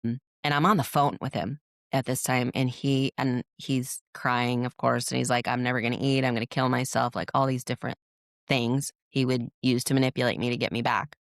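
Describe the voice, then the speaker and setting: Woman podcast guest, mid-pitched with a gravelly edge, earnest and reflective, dry close sound. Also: fairly even intonation, moderate pace, dry recording. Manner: earnest, reflective, with frequent restarts. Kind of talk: candid interview storytelling.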